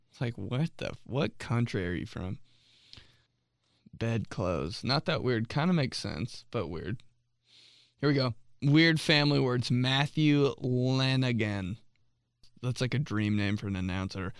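A man's voice: mid-range voice, unhurried, clean tone, dry recording, studio quality. A man hosting a podcast, joking casually and laughing often as he reads listener submissions. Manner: animated, jokey, laughs often. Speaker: podcast host. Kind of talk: casual comedic chat reading listener submissions.

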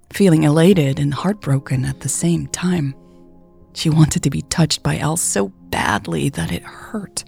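A woman narrating a romance audiobook in a soft, often whispery delivery. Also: sits low, vocal fry. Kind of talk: scripted narration.

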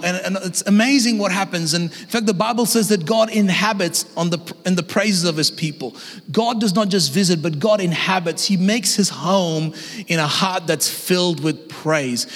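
High-voiced man preaching in a reverberant hall. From Australia. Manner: energetic, conversational preaching with acted-out voices. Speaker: guest pastor. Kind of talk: sermon. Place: church auditorium.

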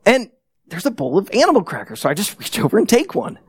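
A man's voice: high-pitched, quick pace, slightly rough, no room sound. Pastor guy preaching, bouncy up and down voice, dry close sound. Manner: animated storytelling with acted-out quotes. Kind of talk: sermon.

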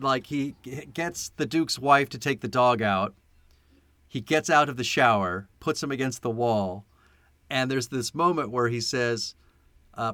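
A man co-hosting a podcast in casual chat, animated and laughing often as he acts out movie lines. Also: mid-range voice, dry recording. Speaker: podcast co-host. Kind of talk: casual chat about a film.

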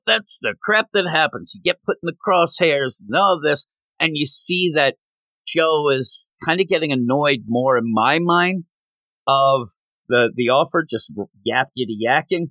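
A man's voice: on the high side, bright, forceful tone, no room sound. A man hosting a comic book podcast, chatting casually and acting out characters' lines in silly voices. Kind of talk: casual chat.

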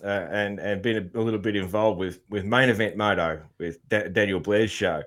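A man's voice: lowish voice, steady tone, brisk, fairly bright tone. An Australian man hosting a casual podcast chat, laid-back, with many fillers and restarts. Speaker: podcast host.

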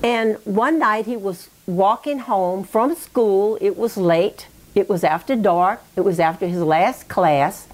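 A woman recounts her family history in an oral history interview, reflective and prone to digressions, often saying "you know" and "okay?". Her mid-range voice moves slowly with few pauses.

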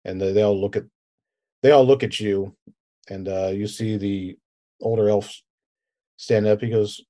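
A man's voice: on the low side, fairly even intonation, a little slow, long pauses, mellow. A man narrating a tabletop game as game master, rambling casually with fillers like "and everything else.".

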